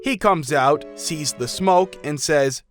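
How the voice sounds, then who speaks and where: A man reading out customer stories in an even storytelling manner. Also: on the high side, slow pace. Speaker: narrator. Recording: faint music behind.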